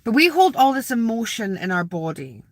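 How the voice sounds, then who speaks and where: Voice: mid-range voice, sing-song, moderate pace, no echo. A spiritual vlogger sitting outdoors in a graveyard, rambling casually to viewers, repeating words and asking them questions.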